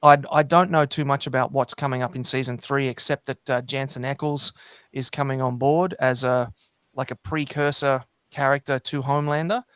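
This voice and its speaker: Smooth, even-voiced New man. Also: mid-range voice, normal speed, no echo. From New Zealand. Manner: hesitant, many fillers and restarts. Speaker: podcast guest. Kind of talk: casual chat.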